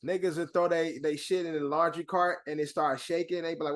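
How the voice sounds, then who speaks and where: A man's voice: on the high side, fairly even intonation. A man co-hosting a sports podcast, joking and cursing in loose banter. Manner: joking, profane, quick agreement. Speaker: podcast co-host.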